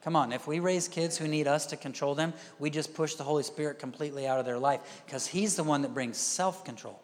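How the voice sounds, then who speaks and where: A male pastor giving a conversational sermon, dropping to quiet asides and rising to loud emphatic bursts. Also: fairly high pitch, brisk. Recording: reverberant hall.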